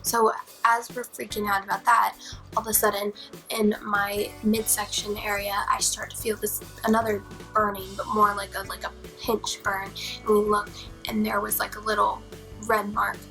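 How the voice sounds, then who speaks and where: A young woman vlogger telling a scary personal story in a dramatic, profane way, dropping to whispers and rising to near-shouts. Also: medium pitch, level tone, normal speed, vocal fry, soft background music, low-quality recording. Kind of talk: storytime vlog.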